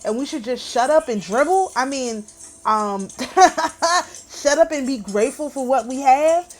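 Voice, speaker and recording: A woman hosting her own channel, talking in a casual, emphatic and indignant way. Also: sits high. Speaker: channel host. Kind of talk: casual vlog commentary.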